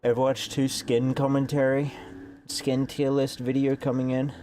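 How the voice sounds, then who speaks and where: A man's voice: mid-range voice, completely flat delivery, normal speed, mellow, slight background noise. A young man with a congested nose, rambling sarcastically in casual gaming commentary. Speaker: streamer.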